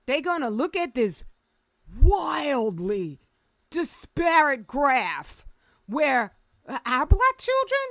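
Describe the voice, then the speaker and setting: A woman with a high voice delivers an impassioned vlog rant, emphatic and sarcastic by turns. The sound is close and dry, with no room around her. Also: fairly bright tone, no room sound. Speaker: vlogger.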